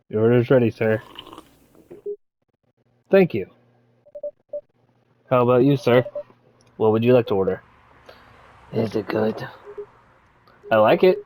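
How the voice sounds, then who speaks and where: A man's voice: medium pitch, a little mellow, a little hiss or hum, low-quality recording. A man playing through a story game and reading every character's lines aloud, mostly in his own voice. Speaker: game player voicing the characters. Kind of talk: playthrough voice acting.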